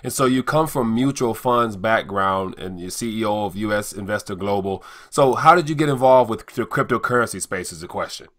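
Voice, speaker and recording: A man's voice: fairly low pitch, brisk, few pauses, fairly bright tone. A man hosting an interview, making brief affirming interjections and asking questions. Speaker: interview host. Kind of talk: conversational interview.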